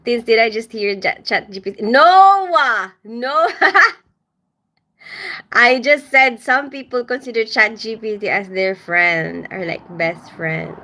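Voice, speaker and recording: Speaking slowly in a fairly high, sharp-toned voice, a middle-aged woman from the Philippines runs a casual livestream from her home. She goes through comments and welcomes viewers by name, laughing often.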